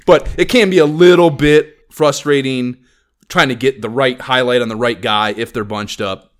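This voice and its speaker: A man's voice: mid-range voice, fairly even intonation, moderate pace. A man, co-hosting a casual gaming podcast, rambling and swearing with lots of fillers. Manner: rambling, profane, filler-heavy. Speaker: podcast co-host.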